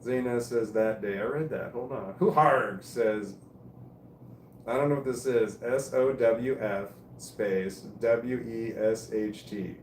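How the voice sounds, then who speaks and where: A man's voice: mid-range voice, slow, roomy sound, a little hiss or hum. A man casually reading live stream comments aloud and musing on each one. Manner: reads comments aloud and muses on them.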